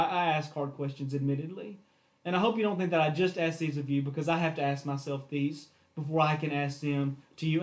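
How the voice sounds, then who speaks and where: A man preaching a sermon to his church, rising to emphatic points and dropping to quiet appeals. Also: a little high. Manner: preaching with emphatic rises and hushed drops. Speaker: pastor.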